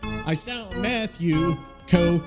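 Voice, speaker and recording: A man's voice: sits high, drawn-out words, over music. A man hosting a casual podcast alone, rambling and swearing freely as he thinks aloud and looks things up. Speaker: podcast host. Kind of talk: casual solo podcast chat.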